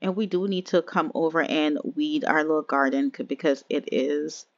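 A woman's voice: low voice, normal speed, no echo, lo-fi sound. A woman giving casual, chatty let's-play commentary on a life-simulation game, talking straight to her viewers. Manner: chatty, addresses viewers as y'all. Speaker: game streamer.

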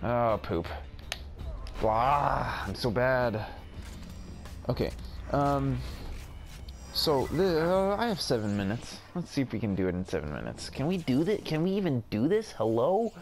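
A man's voice: medium pitch, big pitch swings, a little slow, long pauses, slight background noise. A man giving casual gameplay commentary, rambling and mocking himself as he plays. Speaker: gaming video creator. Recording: game music underneath.

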